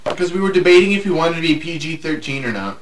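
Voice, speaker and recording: A man's voice: on the high side, animated, fast. A man co-hosting a casual podcast who makes dry, sarcastic asides. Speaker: podcast co-host and editor. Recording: roomy echo, faint hiss.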